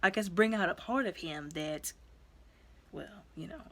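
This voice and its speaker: A woman's voice: mid-range voice, expressive, measured pace, sharp tone. A woman giving a casual, chatty movie review, acting out the characters' lines as she retells the story.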